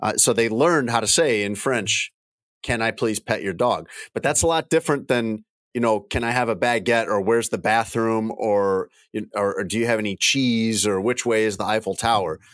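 A man's voice: fairly low pitch, normal speed, fairly bright tone, dry recording, studio quality. A middle-aged man co-hosting a casual podcast chat, rambling and repeating phrases as he tells a travel story. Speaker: podcast co-host.

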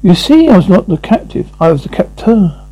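A cold, boastful villain gloats from an old TV horror drama. His voice sits high yet dark and mellow, with a husky, gravelly grain. The soundtrack is dull and lo-fi. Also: big pitch swings, a little fast. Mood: gloating. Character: sinister older male collector, a former captor.

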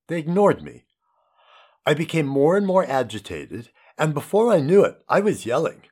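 A man's voice: on the high side, normal speed. Impassioned man narrating a memoir. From United States. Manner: expressive, impassioned storytelling.

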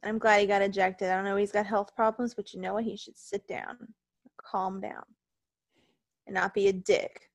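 A woman's voice: mid-range voice, little pitch movement, normal speed, vocal fry, dry recording. A tired, ill woman co-hosting a casual wrestling podcast, ranting heatedly and swearing a lot. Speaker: podcast co-host.

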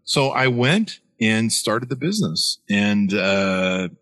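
Give me a deep-voiced middle-aged man telling an animated, rambling story, recorded dry. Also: slow pace, no room sound. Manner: rambling, animated storyteller with many fillers and restarts. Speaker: author and interview guest. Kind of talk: casual storytelling in an interview.

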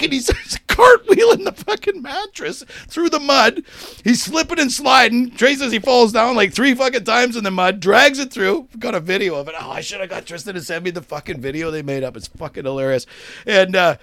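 A man telling a long, profane story on a podcast, acting out both sides of a shouting match and laughing often. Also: very high voice, fairly quick, creaky, no room sound. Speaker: podcast co-host. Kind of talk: casual storytelling chat.

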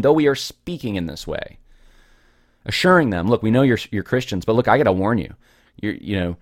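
Earnest male Bible teacher, lowish voice, conversational and unscripted, close and dry recording. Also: no room sound. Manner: conversational, earnest, many fillers and restarts.

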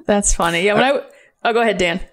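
A woman's voice: medium pitch, quick pace. A woman hosting a casual podcast chat, friendly, posing questions and laughing easily. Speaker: podcast host.

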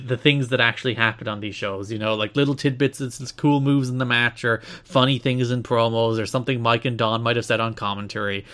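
Quick, wry podcast host man. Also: mid-range voice, pushed and bright. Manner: quick, wry, laughs often. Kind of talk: casual chat.

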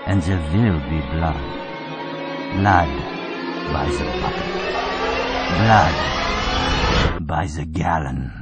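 An actor playing a grim, vengeful male villain in a horror movie trailer, speaking solemnly. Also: deep voice. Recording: trailer with music behind.

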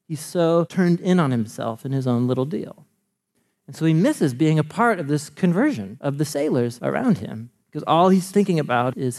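A man with a fairly high voice delivers a sermon in a casual, conversational tone. He keeps it animated, swooping up and down and breaking into laughs often. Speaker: pastor.

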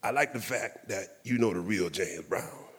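A man's voice: lowish voice, animated, moderate pace, slight background noise, natural voice. A man voicing a famous older male soul singer, folksy and commanding, who drawls and calls everyone son.

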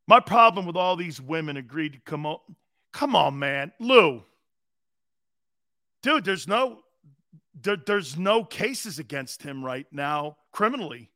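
A man hosting a football talk show in an animated, rambling storytelling manner. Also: on the high side, a little slow, long pauses, dry recording, clean studio sound. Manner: loud, rambling storyteller with frequent laughs. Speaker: host.

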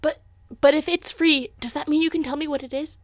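A woman's voice: high voice, fairly even intonation, brisk, no echo, studio quality, voice pushed up, natural voice. A woman voicing a young female adventurer who pleads in a flustered, stammering way. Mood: pleading.

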